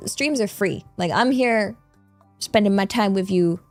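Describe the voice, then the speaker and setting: A woman's voice: medium pitch, a little slow, soft background music. A woman streamer chatting casually with her viewers, rambling along with lots of fillers and repeated yeahs. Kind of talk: casual live-stream chat.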